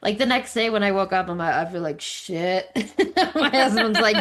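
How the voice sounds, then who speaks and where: A woman's voice: mid-range voice, normal speed, hardly any pauses. A woman co-hosting a podcast, telling stories in casual chat and laughing often, with a light English accent. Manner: laughs often, animated storytelling. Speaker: podcast co-host.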